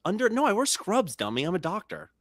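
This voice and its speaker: A man's voice: high voice, big pitch swings, fast, creaky, no echo, studio quality. A man hosting a comedy podcast, telling stories animatedly, acting out quotes and laughing often. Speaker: podcast host. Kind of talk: casual comedy podcast chat.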